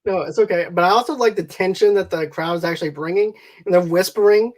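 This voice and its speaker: A man co-hosting a movie review podcast, animated and acting out quotes as he retells scenes. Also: sits high, fast, hardly any pauses. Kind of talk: casual chat.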